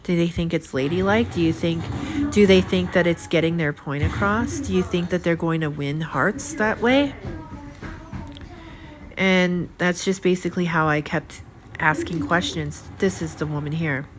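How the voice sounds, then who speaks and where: A woman's voice: fairly low pitch, moderate pace. Indignant middle-aged woman vlogging. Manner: indignant, rambling, with many fillers and repeated words. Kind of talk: casual monologue to camera. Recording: steady audible background noise.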